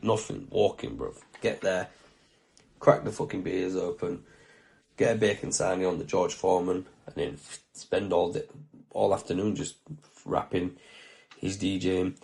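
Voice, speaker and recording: Gravelly, sweary man. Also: deep voice, a little mellow. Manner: heavy swearing, slangy, heartfelt. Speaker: podcast host. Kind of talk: casual storytelling.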